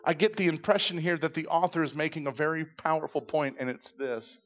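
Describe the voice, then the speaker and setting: A man pastor preaching a sermon in church, retelling scripture with animated storytelling and acted-out voices. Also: fairly high pitch, brisk, dull audio, faint music behind.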